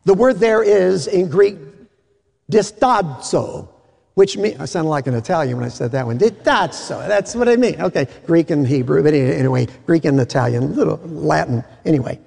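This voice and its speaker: Gravelly high-voiced preacher in an echoey hall. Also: male voice, fast talker, hardly any pauses. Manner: folksy, animated, jokey asides. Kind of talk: sermon.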